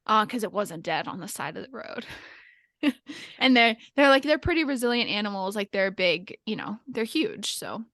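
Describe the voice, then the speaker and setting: A woman's voice: medium pitch, lively intonation, moderate pace, fairly bright tone, no room sound, studio quality. Chatty young woman on a podcast. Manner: chatty, lots of "like" fillers; laughs nervously while recounting. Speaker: podcast guest telling a story. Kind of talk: casual podcast chat.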